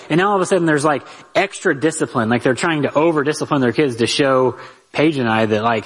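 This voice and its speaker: A man teaching a conversational Bible lesson on parenting, lively and talking straight to his listeners with rhetorical asides. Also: mid-range voice, fast talker, breathy edge, poor audio.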